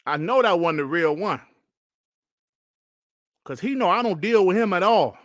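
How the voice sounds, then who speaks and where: A man hosting a gaming podcast, ranting in an exasperated, animated way on a livestream, repeating himself and sighing between phrases. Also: high-pitched, normal speed, no room sound, studio quality. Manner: sighs and coughs between phrases. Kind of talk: livestream commentary and rant.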